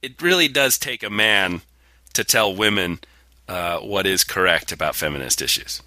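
A man's voice: low-pitched, lively intonation, moderate pace, bright, forceful tone, dry recording. A man co-hosting a podcast, chatting casually with a sarcastic, mock-indignant edge and reading out listener mail. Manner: reads listener mail aloud. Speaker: podcast co-host. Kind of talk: casual comedic chat.

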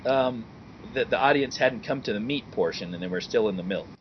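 A man co-hosting a casual podcast, talking in an animated, sarcastic and exasperated way. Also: mid-range voice, fairly quick, dull audio, a little hiss or hum. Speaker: podcast co-host.

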